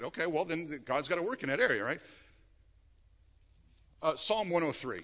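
A middle-aged male pastor preaching a sermon, animated and emphatic, with frequent restarts. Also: sits high, brisk. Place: church sanctuary. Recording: long reverb of a church hall.

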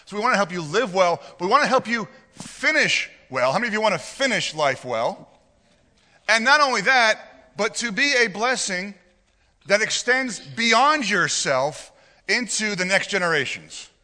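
A man's voice: high voice, sing-song, moderate pace, sharp tone. A male pastor preaching a sermon in a conversational way, asking the congregation questions and joking with them. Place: church hall with a congregation. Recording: reverberant hall.

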